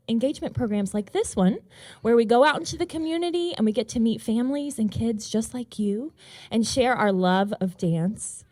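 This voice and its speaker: An American woman from a ballet company warmly addressing children at a library event, animated and encouraging. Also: fairly high pitch, no room sound. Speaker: ballet company outreach host.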